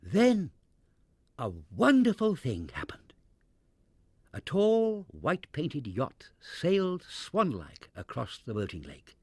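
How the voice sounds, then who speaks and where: A man reads a children's storybook aloud with expressive, animated delivery. His pitch sits a little high for a man and rises and falls very widely. The close recording is dry, with no room sound. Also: slow, breathy edge, no room sound.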